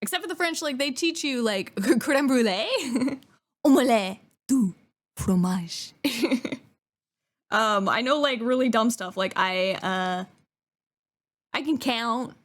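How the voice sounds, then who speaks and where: A woman's voice: fairly high pitch, expressive, slow, long pauses, fairly bright tone. A young woman from Western Canada, chatting casually on a live stream, giggling often and trailing off with fillers.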